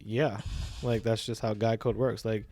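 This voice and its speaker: A man, a teacher telling his story as a podcast guest in a relaxed, reflective way with many fillers. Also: lowish voice, unhurried. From Brooklyn, New York. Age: 40s. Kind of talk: casual conversational interview.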